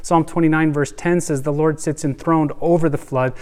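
A man's voice: a little high, steady tone, normal speed. Earnest man preaching a sermon. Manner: earnest, swings between soft hushed lines and rising emphasis. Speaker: pastor.

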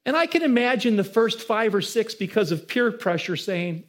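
High-voiced man preaching a sermon. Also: big pitch swings, normal speed. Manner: preaching with rising emphasis and audience questions. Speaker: pastor.

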